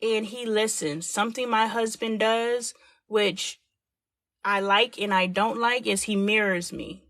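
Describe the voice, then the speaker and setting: A woman in her forties hosts a live stream, speaking candidly and with animation, acting out the voices she quotes. Her mid-range voice is steady and a bit bright, with a measured pace and no room sound.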